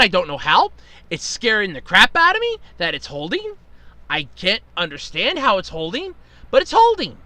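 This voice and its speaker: A man's voice: very high voice, sharp tone, dry recording. A man hosting a podcast, telling a long story in a rambling, exasperated way and swearing freely. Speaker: podcast host. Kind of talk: casual storytelling monologue.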